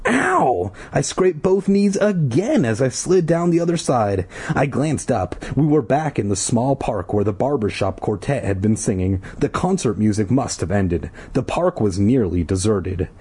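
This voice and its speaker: A man reads a children's adventure story aloud, stopping now and then to crack sarcastic jokes. His voice swings up and down a lot, with a husky, mellow tone. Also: mid-range voice, expressive, moderate pace, few pauses. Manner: jokey, breaks off into sarcastic commentary. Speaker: audiobook reader. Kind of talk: casual comedic reading aloud with asides.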